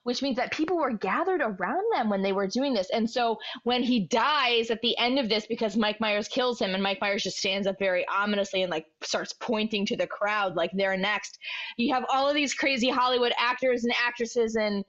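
A woman's voice: a little high, moderate pace, fairly bright tone. A young woman chatting on a comedy podcast, spinning a long, rambling story. The recording sounds dull and lo-fi. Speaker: podcast co-host. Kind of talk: casual comedic chat.

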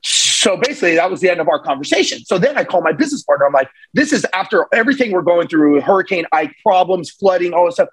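A man guest on a podcast, telling a story in a casual, animated way and acting out the voices of the people in it. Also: sits high, fast, few pauses, slightly rough, rough recording. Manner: animated, acts out voices in his stories. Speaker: podcast guest, real estate investor.

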